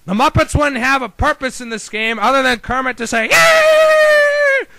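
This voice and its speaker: High-voiced, gravelly man ranting. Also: fairly quick, bright, forceful tone, no room sound, low-quality recording. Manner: opinionated, rambling, exasperated rhetorical questions. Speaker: video game commentator. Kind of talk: casual opinion rant.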